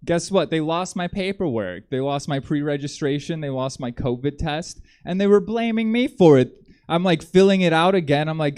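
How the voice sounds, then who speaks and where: A man doing a stand-up comedy set on a theater stage, rambling in a deadpan way with frequent ums. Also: on the high side, moderate pace, clear, resonant tone.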